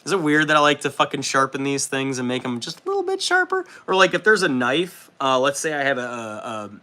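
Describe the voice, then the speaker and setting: A man hosting a casual livestream, loose and profane, excitable and chatting with his viewers as he works. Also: mid-range voice, brisk. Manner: loose, profane and excitable, reads chat aloud. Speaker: livestream host. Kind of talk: casual livestream chat while building models.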